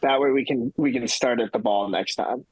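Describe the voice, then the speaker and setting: A man playing a tabletop game, chatting casually, hesitant and excitable by turns. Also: medium pitch, normal speed, breathy edge, no echo, low-quality recording. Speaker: player.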